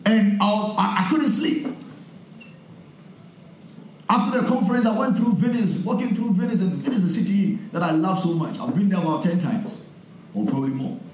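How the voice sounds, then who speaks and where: A male pastor delivering a sermon, telling personal stories and building up to forceful preaching. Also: sits high, normal speed, pauses often, a little hiss or hum. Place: church hall. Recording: echoey hall.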